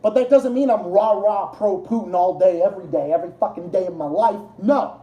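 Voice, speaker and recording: A man's voice: sits high, a little fast, dull audio, a little hiss or hum. A man hosting a casual livestream, rambling and swearing, often laughing at his own jokes. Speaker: livestream host. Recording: roomy echo.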